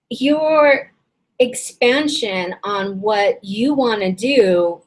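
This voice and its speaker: Woman, business coach, casual webinar, rambling, lots of fillers, slightly hoarse. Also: mid-range voice, low-quality recording. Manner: chatty, rambling, with many fillers and restarts. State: voice a little hoarse and strained. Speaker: business coach hosting a members' session.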